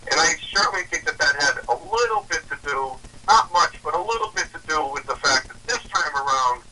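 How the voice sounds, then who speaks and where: A man's voice: fairly high pitch, lively intonation, a little fast, pushed and bright, distant mic, a little hiss or hum, poor audio. A man from Massachusetts, a guest talking politics in an earnest, persuasive way. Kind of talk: political discussion.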